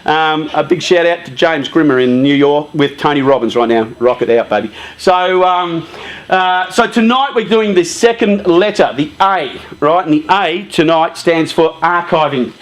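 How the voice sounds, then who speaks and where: A man giving a casual, lively talk to a youth group, often saying "you know" and "um". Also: on the high side, normal speed.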